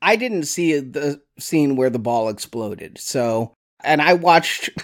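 A co-host on a casual film podcast tosses in quick, joking asides and pet theories. The voice sits at a middling pitch. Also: lively intonation.

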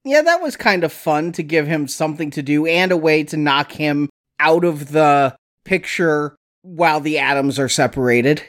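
A co-host on a casual film podcast tosses in quick, joking asides and pet theories. The voice sits at a middling pitch.

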